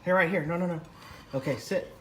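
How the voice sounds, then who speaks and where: A middle-aged man casually vlogging as he cooks in a home kitchen and gently coaches his young daughter with a knife, chatty and jokey. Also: on the high side, brisk, a little hiss or hum. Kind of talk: casual cooking ASMR vlog. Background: music and kitchen clatter of knives and pots.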